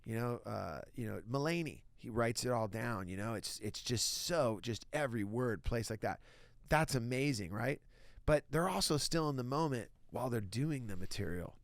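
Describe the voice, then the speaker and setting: Middle-aged male comic, gravelly voice, dry close sound, loose storyteller who slips into other people's voices. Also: medium pitch, moderate pace, no echo. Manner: lively anecdotes, acts out other people's lines. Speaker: stand-up comedian, interview guest. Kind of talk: casual interview storytelling.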